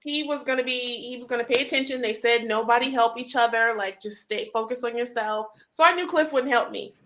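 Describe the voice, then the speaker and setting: A woman hosts a relaxed group conversation, recounting events with lively, animated delivery. Her voice sits a little high and she scatters fillers and laughs through her talk. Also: brisk, slight background noise. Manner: animated storytelling with frequent "like" and laughter. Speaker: host. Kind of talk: casual group chat.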